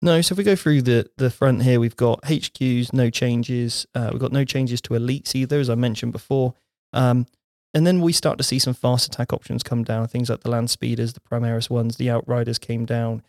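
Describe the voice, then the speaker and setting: A man's voice: medium pitch, fairly even intonation, brisk, darkish tone, no echo, studio quality. A man co-hosting a casual gaming talk show, rambling through lists and correcting himself as he goes. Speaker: podcast co-host. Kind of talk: casual chat about tabletop gaming.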